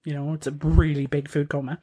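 Low-voiced giggly woman host. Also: level tone, fairly quick, mellow, breathy edge. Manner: chatty, giggly, self-interrupting. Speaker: podcast host. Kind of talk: casual chat retelling a fairy tale.

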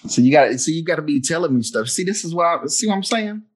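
A man hosting a casual chat, playful and teasing, breaking into loud laughter often. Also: on the high side, animated, fast.

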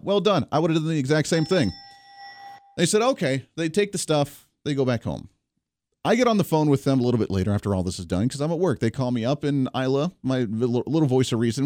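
A man in his thirties hosting a talk show, telling a family story and giving opinions in an animated, indignant way. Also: medium pitch, fast, no room sound, studio quality. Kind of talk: opinionated monologue.

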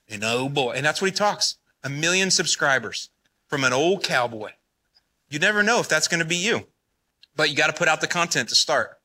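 A man in his forties giving an energetic conference talk, often firing questions at the audience. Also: high-pitched. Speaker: conference speaker.

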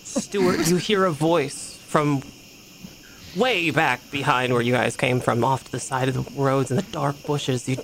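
A game master narrating a tabletop game in a descriptive, halting way, with frequent restarts. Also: mid-range voice, gravelly, a little hiss or hum, low-quality recording.

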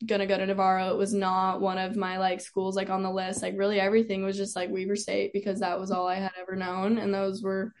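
A young adult woman, a college cheerleader appearing as a guest, chats about her story in casual conversation, sprinkling in plenty of "like" and laughing often. Her medium-pitched voice is monotone and quick, with hardly any pauses.

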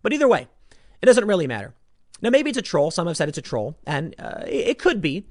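A man delivering opinionated commentary, sarcastic and mocking, swinging between loud outbursts and muttered asides. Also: high-pitched, big pitch swings, brisk, dry recording, clean studio sound.

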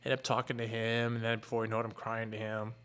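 A middle-aged man, a fire captain, earnestly retelling a painful personal story in a candid, halting way. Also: lowish voice, monotone, fairly bright tone, clear, resonant tone.

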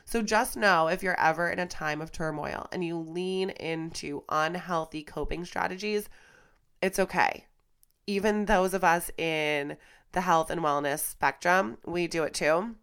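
A woman's voice: fairly low pitch, measured pace, fairly bright tone, clean tone. Congested young woman, raw and emotional. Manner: raw, emotional, casual swearing. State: stuffy and congested from crying and flu. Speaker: podcast host and fitness instructor. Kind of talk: candid personal monologue. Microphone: studio microphone.

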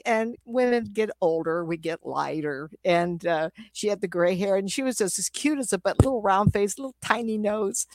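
Her voice sits at medium pitch and the recording is dry as this middle-aged psychic medium spins casual, rambling stories. Laughter comes often, and she imitates the voices she quotes.

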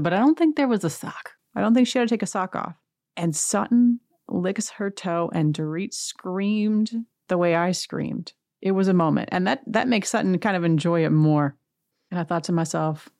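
Woman podcast host with a lowish voice, gossipy and wry, dry close recording. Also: a little mellow, no room sound. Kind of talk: casual reality-TV recap.

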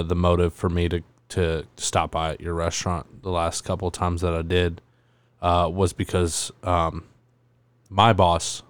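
Young man, deep voice, casual chat, halting, many restarts. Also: smooth, no room sound.

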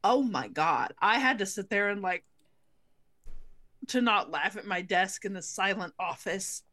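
A woman's voice: mid-range voice, expressive, a little slow, pushed and bright. A woman co-hosting a book podcast, candid and self-deprecating, who swears casually. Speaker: podcast co-host. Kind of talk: casual book-club chat.

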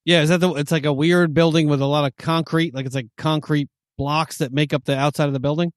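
A man co-hosting a podcast in casual chat, rambling with many fillers in a relaxed way. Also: on the high side, fast, no echo, studio quality. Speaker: podcast co-host.

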